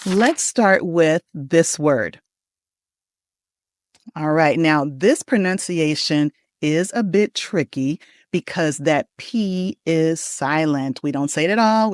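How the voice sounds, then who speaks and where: An American woman, a pronunciation coach, leading an upbeat lesson and saying model words slowly and deliberately for the listener to repeat. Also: on the low side, no echo, studio quality.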